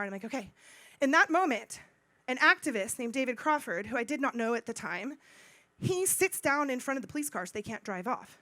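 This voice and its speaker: A middle-aged woman speaking at a conference, telling a personal story in an animated way, acting out dialogue and repeating phrases for emphasis. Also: high-pitched, a little fast, no echo. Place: conference stage.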